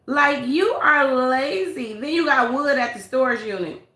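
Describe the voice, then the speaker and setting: A high, bright woman talks blunt and sassy on a casual livestream. She greets viewers by name between her commentary, and her voice carries an echoey room sound. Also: animated, measured pace. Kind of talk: casual live-stream gossip commentary.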